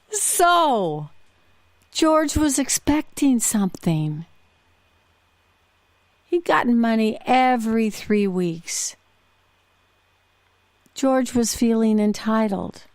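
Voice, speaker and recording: A woman's voice: fairly high pitch, lively intonation, very slow, pauses often, no echo. A woman hosting a podcast, telling stories in a chatty, casual monologue. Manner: chatty, with frequent fillers and restarts. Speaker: podcast host.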